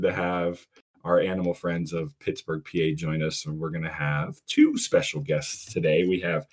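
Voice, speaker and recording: A man with a low, husky voice hosts a casual podcast. He tells stories in a relaxed, chatty way. His speech is full of fillers and restarts. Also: normal speed. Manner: relaxed, storytelling, frequent fillers. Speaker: podcast host and animal protection officer.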